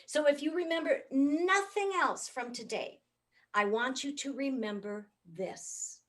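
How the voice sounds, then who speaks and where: A middle-aged woman from the United States giving a comic, animated keynote talk. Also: high-pitched, a little slow. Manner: animated, comic, swoops up for punchlines. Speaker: motivational speaker.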